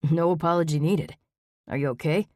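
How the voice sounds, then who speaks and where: A woman voicing a kind young man who speaks gently and reassuringly to a friend. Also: low-pitched, fairly even intonation, brisk, dry recording, studio quality, close to an everyday voice.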